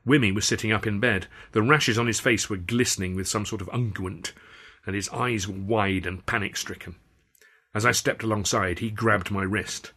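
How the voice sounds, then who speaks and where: A man's voice: on the low side, steady tone, normal speed, sharp tone. A man reading his own first-person story aloud in a wry, dry storytelling manner. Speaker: author and reader.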